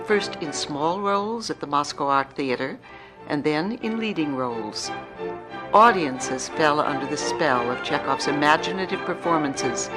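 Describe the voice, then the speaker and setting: A narrator reading a scripted documentary in a measured, formal manner. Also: mid-range voice. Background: music.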